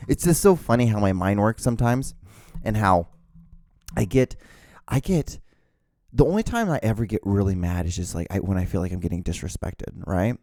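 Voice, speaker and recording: A man's voice: fairly low pitch, animated, normal speed, long pauses, a little mellow, no room sound. A man hosting his own solo podcast, rambling and swearing, with many restarts. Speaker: podcast host.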